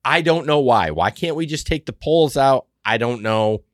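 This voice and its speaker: A man co-hosting a podcast, telling a story in casual chat, animated, jumping between loud outbursts and muttered asides. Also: medium pitch, moderate pace, no echo, studio quality. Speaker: podcast co-host.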